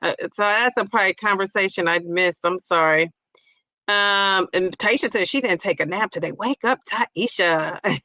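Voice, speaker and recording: Bright-voiced chatty woman in her fifties. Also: mid-range voice, moderate pace, dry recording, low-quality recording. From Ohio. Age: 50s. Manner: chatty and effusive, greets viewers with loud bursts. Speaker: livestream host reading chat. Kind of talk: casual live chat.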